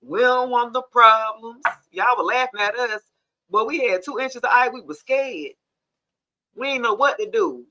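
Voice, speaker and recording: A woman's voice: on the high side, animated, moderate pace, bright, forceful tone, highs cut off. Chatty woman on a livestream. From Georgia, USA. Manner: chatty, laughs often, greets viewers by name. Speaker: tarot reader hosting a livestream. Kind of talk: casual livestream chat with viewers.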